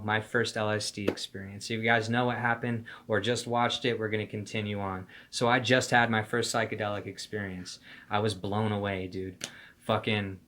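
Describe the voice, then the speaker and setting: A man's voice: on the low side, a bit bright. A young man telling a personal story in a casual monologue, with slangy, profane talk full of "like", "dude" and "bro".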